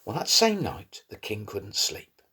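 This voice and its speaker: A man tells a Bible story to primary-age children, slowly and with lots of expressive rises and falls in his voice. His tone is slightly husky, and he leans into key words to keep young listeners hooked. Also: fairly low pitch. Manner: lively, expressive storytelling with rising emphasis.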